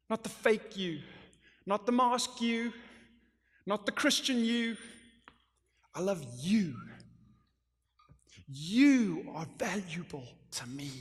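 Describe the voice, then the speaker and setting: A man's voice: very high-pitched, sharp tone, pitched above the performer's own voice, exaggerated voice. A male pastor voicing God within a sermon, speaking in an earnest and reassuring way, repeating his words. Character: God, tender and all-knowing, speaking lovingly. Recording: long church hall reverb.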